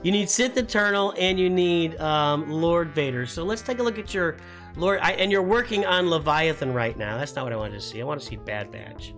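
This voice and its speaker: A man's voice: fairly high pitch, brisk, a bit bright, faint music behind. A middle-aged man hosting a casual live stream, talking in rambling, self-interrupting bursts.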